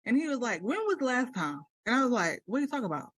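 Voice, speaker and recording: A woman's voice: a little high, racing, breathy edge, no room sound. A young woman co-hosting a casual podcast chat, telling stories with dramatic, acted-out quotes. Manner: animated storyteller, acts out quotes dramatically. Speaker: podcast co-host.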